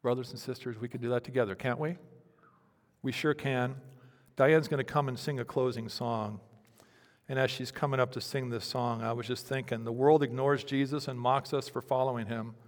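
A man preaching a sermon as a pastor, with a dramatic delivery that swings from loud pleading to hushed near-whispers. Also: medium pitch, steady tone, normal speed. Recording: reverberant hall.

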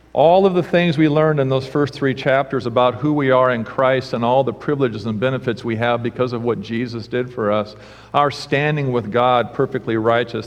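Pastor preaching in a reverberant sanctuary. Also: male voice, medium pitch. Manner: storytelling with humor, preacherly. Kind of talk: sermon. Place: church sanctuary. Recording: church sanctuary with long reverb.

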